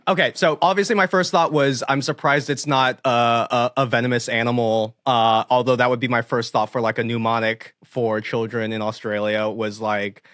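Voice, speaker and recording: A man's voice: mid-range voice, fairly even intonation, normal speed, hardly any pauses, fairly bright tone, no echo, clean studio sound. A man guest on a podcast puzzle panel, thinking aloud with hesitations. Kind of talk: casual panel game chat.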